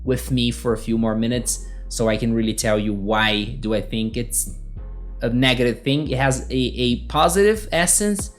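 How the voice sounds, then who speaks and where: A man's voice: medium pitch, moderate pace, soft background music. Man teaching English casually. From Brazil. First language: Portuguese. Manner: conversational, checks in with frequent tag questions. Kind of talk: solo podcast lesson.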